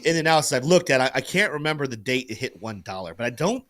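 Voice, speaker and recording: Lively crypto show host, man. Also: mid-range voice, racing. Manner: animated, salesy, pushes viewers to like and join. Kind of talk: livestream market commentary.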